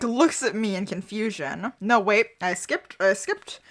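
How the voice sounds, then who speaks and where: A woman co-hosting a radio show, reading fan fiction aloud with animated, laughing reactions. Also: mid-range voice, a little slow, few pauses.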